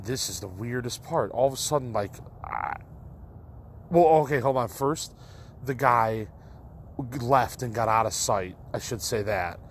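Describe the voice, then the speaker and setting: A young man with a fairly low voice tells a personal story to his listeners. He rambles, leaning on likes and false starts. Faint ambience sits behind him. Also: a little hiss or hum. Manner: rambling, full of likes and restarts. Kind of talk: casual storytelling monologue.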